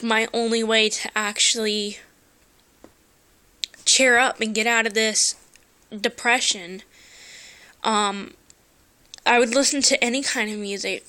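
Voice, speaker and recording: Woman, slightly high voice, bright tone, hesitant, earnest, emotional, phone recording. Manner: halting, hesitant, many fillers. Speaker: vlogger. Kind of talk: personal confessional storytelling.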